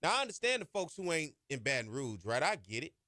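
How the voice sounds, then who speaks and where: A man's voice: on the high side, big pitch swings, quick pace, bright, forceful tone, no echo, clean studio sound. A man hosting a sports podcast, talking emphatically and colloquially with lots of "y'all" and "ain't.". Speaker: podcast host. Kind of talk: impassioned sports podcast monologue.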